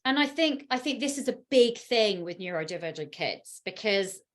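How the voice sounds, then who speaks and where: A woman parenting coach hosting a podcast chat, talking in an animated, emphatic way with frequent laughs. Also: mid-range voice, moderate pace.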